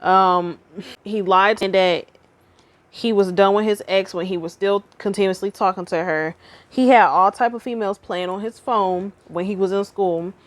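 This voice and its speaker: A woman's voice: medium pitch, normal speed, no echo. A young adult woman casually telling a personal relationship story to her viewers. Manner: casual, animated storytelling, addresses viewers directly. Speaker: vlogger. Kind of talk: storytime chat.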